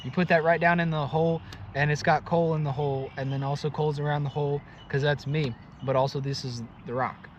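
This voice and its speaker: A man's voice: fairly high pitch, little pitch movement, a little fast, lo-fi sound, a little hiss or hum. A man casually vlogging outdoors, chatty and joking as he explains planting trees. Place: outdoors in fields.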